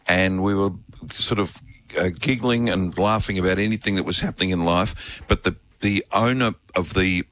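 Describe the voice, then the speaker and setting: A man hosting a talkback radio show, telling a story in a rambling, halting way with many fillers. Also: low-pitched, a bit bright. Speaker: radio host. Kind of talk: casual talkback radio chat.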